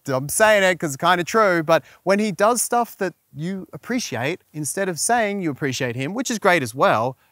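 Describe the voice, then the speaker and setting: A man's voice: high-pitched, a bit bright, no room sound, studio quality. A man hosting a relationship advice vlog, frank and coaching, often checking in with the viewer. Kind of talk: direct-to-camera advice vlog.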